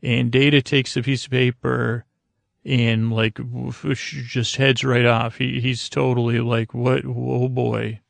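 A man's voice: mid-range voice, level tone, a little slow, gravelly, no room sound. A man hosting a podcast, casually recapping an episode, rambling with fillers and quoting characters. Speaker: podcast host.

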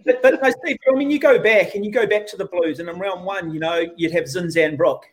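Kiwi bloke ranting about rugby, sarcastic and blunt, pretty high voice. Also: male voice, brisk. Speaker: rugby podcast co-host. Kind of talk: opinionated sports chat.

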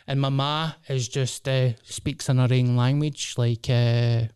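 A man's voice: medium pitch, flat delivery, a little slow, hardly any pauses, a little mellow, clear, resonant tone, dry recording, studio quality. Sweary Scottish man rambling on a podcast. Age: 30s. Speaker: comedian and podcast host. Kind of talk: casual solo podcast monologue.

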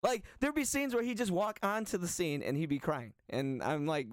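Animated rambling man, dry mic. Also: high voice, a little fast, hardly any pauses, no room sound. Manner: rambling, animated, swears freely. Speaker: podcast co-host. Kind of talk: casual chat.

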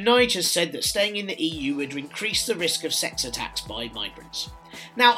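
A British man presenting a scripted satirical segment with dry, mocking sarcasm. His voice sits a little high and sounds crisp and forceful, with faint music playing under him. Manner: sardonic, dry mocking delivery.

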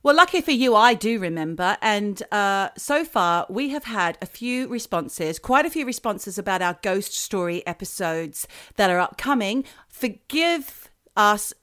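A chatty woman co-hosting a casual podcast, teasing and leading the chat with easy warmth in her words. Her voice sits at a middle pitch and moves along at an everyday pace. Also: lively intonation, measured pace. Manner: chatty, teasing, steers the show. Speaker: podcast co-host.

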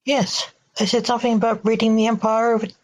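A woman's voice: on the high side, level tone, brisk, darkish tone, pitched above the performer's own voice, close to an everyday voice. A woman voicing a cautious aging male alien emperor in her own plain reading voice. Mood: wary.

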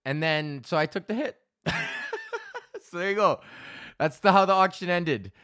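A man's voice: sits high, moderate pace, pushed and bright, clear, resonant tone, no echo, studio quality. A man from Alberta hosting his own podcast, telling a long story in a profane, laughing ramble and acting out both sides of the conversation. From Alberta, Canada. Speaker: podcast host and stand-up comic. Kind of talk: casual solo podcast rant.

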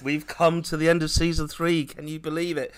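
A man hosting a podcast, energetic and theatrical, laughing often as he chats with guests. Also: fairly high pitch, a little fast, smooth. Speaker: podcast host. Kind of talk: lively podcast banter.

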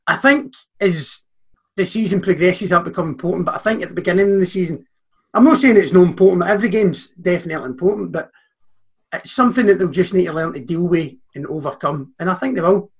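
Husky high-voiced Scottish man. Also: fast. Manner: earnest, sweary, lists points. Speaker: podcast co-host. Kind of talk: casual football chat.

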